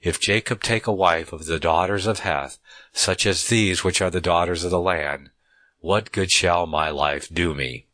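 Man, very deep voice, Bible teacher, reads scripture then comments, deliberate, restarts phrases, dry close sound. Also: fairly bright tone, no room sound. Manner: measured, deliberate reading with frequent restarts. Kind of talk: reading scripture aloud with commentary.

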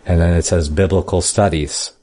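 A man with a very low voice teaches a Bible study. He reads scripture in an old formal style, then drops into plainspoken, folksy asides to explain it. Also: steady tone, normal speed, warm tone. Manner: reads scripture in King James style then comments casually. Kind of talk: Bible study reading and commentary.

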